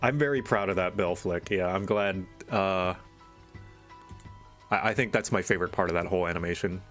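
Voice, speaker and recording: A man's voice: low-pitched, normal speed, a bit bright, faint music behind. Exasperated man venting on a stream. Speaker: streamer and animator. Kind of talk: casual live-stream chat.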